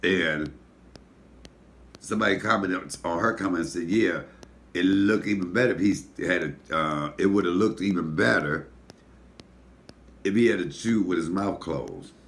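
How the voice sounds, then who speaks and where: A man with a deep voice, hosting a casual mukbang and telling animated, profane stories while he eats. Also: moderate pace, long pauses. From Detroit, USA. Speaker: comedian and mukbang host. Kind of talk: casual storytelling while eating.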